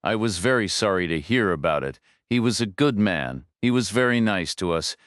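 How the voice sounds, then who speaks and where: A man's voice: on the low side, lively intonation, normal speed, no room sound, clean studio sound. A man voicing a grieving elderly woman on the phone, wavering, hesitant and resigned. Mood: sad, hesitant. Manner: wavering, resigned, soft-spoken.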